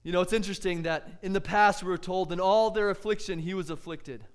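High-voiced earnest male preacher. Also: brisk, clear, resonant tone. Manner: earnest, asks the congregation rhetorical questions. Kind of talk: sermon.

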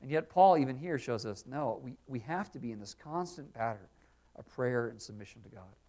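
A male pastor preaching an earnest expository sermon, dropping quiet when voicing prayers. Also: mid-range voice, animated, a little fast.

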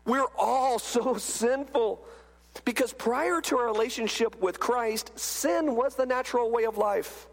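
A man's voice: very high-pitched, measured pace, creaky, big-room sound. A man preaching a sermon as pastor, emphatic and full of rhetorical questions.

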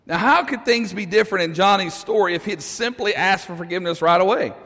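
A man's voice: high voice, fast, a bit bright, long reverb tail. A man preaching a sermon, telling a story in a conversational way and putting questions to the congregation. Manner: conversational, asks the audience questions, chuckles.

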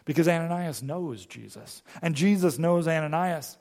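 A fairly high-voiced man preaches, retelling the story with deliberate pauses and slowed, weighty phrases. His voice carries a long reverb, as if he were speaking in a large hall. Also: lively intonation, a little mellow. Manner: storytelling, with slow emphatic pauses. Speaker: pastor. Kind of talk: sermon.

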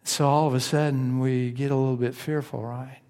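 A man's voice: medium pitch, flat delivery, normal speed, mellow, long reverb tail. A man preaching a sermon in a conversational way, asking his listeners questions and acting out their inner voices.

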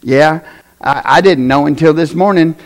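Man, Tennessee accent, high-pitched, folksy sermon, loud then hushed. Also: normal speed. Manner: folksy, plain-spoken, swings from shouted preaching to soft asides. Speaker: preacher.

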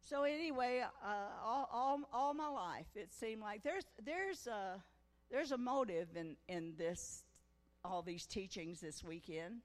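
Woman preacher, 60s, fervent testimony sermon, slightly high voice, echoey hall. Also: animated, unhurried. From Missouri. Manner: folksy storytelling that swells into fervent preaching. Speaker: guest preacher. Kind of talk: testimony sermon at a women's conference. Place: church conference hall.

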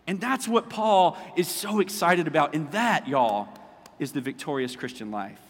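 Pastor, male, fairly high voice, impassioned then hushed, long church reverb. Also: very animated, moderate pace. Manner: impassioned preaching, dropping to soft storytelling and prayer. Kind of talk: sermon. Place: church sanctuary.

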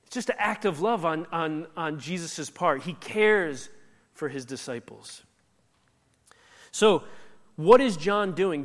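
A man preaching a sermon in a conversational, emphatic way, acting out the lines he quotes. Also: high-pitched. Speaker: pastor. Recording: echoey hall reverb.

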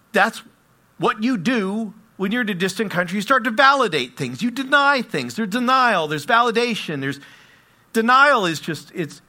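A man preaching a sermon, telling stories and swinging between hushed asides and loud exclamations. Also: on the high side. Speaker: pastor.

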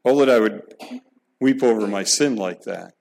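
A man's voice: fairly low pitch, moderate pace, vocal fry, a little mellow, poor audio. A middle-aged man preaching a sermon, earnest and emphatic, asking the listeners questions and often repeating words as he restarts a thought. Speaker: pastor.

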